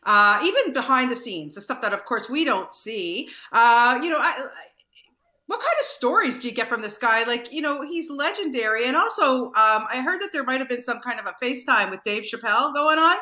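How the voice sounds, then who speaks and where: Bright-voiced enthusiastic woman interviewer. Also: sits high, lively intonation, a little fast. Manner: enthusiastic, with fillers. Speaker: interview host. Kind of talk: online video interview. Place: Canada. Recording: roomy echo.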